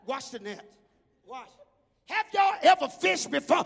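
A male preacher telling a storytelling sermon, breaking into rhythmic shouts. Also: extremely high pitch, sing-song, normal speed, gravelly, long pauses. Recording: echoey hall reverb.

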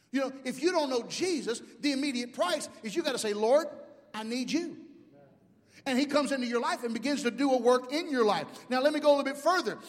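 A man in his fifties from Mobile, Alabama, preaching a sermon as pastor, animated, swinging from shouts to hushed asides. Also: very high-pitched. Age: 50s. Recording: long hall reverb.

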